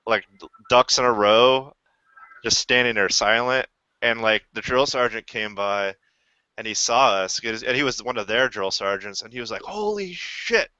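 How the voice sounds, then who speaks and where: A man's voice: fairly low pitch, fairly even intonation, normal speed, sharp tone, smooth, no room sound. A man and Army veteran chatting casually, rambling with many restarts and swearing freely. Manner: rambling, restarts often, profane. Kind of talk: casual chat. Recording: dull lo-fi recording.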